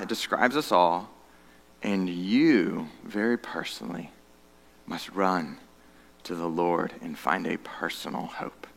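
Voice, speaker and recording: A man preaching a sermon as pastor, earnest, moving between loud emphatic stretches and hushed, low passages. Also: big-room sound.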